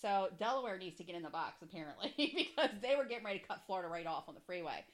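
A woman's voice: lowish voice, animated, racing. A young adult woman hosting a podcast, telling stories with a lot of swearing and laughter in casual chat. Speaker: podcast host.

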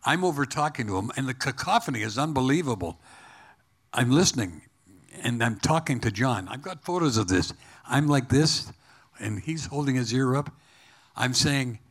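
An older man spins a backstage story as an interview guest, talking in a relaxed, casual way. He chuckles often between lines and sits at a middle pitch. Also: moderate pace. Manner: animated anecdote teller, laughs often. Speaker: interview guest, former broadcaster.

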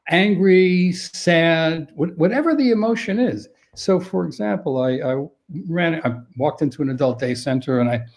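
A man's voice: mid-range voice, warm tone. A middle-aged man answering interview questions as an expert, thoughtful and often restarting his sentences. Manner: thoughtful, with frequent restarts and stammered repeats. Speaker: dementia expert guest.

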